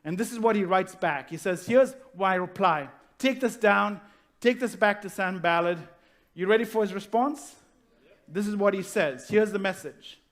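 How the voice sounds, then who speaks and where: High-voiced man preaching a sermon. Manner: rhetorical questions, slows down to stress key phrases. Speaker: pastor.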